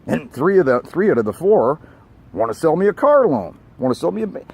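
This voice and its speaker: A man's voice: on the high side, very animated, fairly quick, breathy edge. An older man and network engineer delivering a blunt, emphatic rant outdoors by a street, swearing casually as he goes. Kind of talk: ranting vlog monologue.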